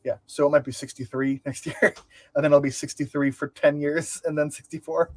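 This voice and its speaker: A man's voice: fairly high pitch, flat delivery, brisk, dry recording. Joking man co-host on a dry mic. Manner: rambling, joking, self-correcting. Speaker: podcast co-host. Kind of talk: casual discussion.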